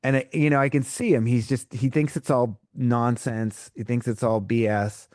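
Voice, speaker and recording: A man's voice: medium pitch, normal speed, no echo, clean studio sound. A man, a breathwork coach, telling stories in a podcast interview and acting out what people said to him. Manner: animated storyteller acting out quotes. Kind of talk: conversational storytelling interview.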